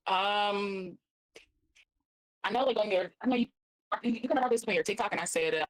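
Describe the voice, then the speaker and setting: A woman's voice: medium pitch, fairly quick, rough recording. A woman who is a guest reviewer, chatting in a bubbly, casual way that is full of "like.". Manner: bubbly, heavy use of "like". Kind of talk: casual chat.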